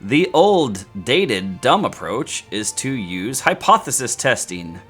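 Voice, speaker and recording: A man teaching statistics in a playful, sarcastic, animated way. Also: mid-range voice, slow pace, slightly rough, faint music behind. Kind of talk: scripted educational video.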